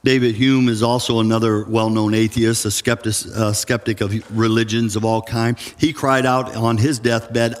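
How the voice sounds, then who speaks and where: A pastor preaching a sermon in an earnest, emphatic way, with dramatic pauses, in a church sanctuary. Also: male voice, medium pitch, fairly even intonation. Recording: church sanctuary with long reverb.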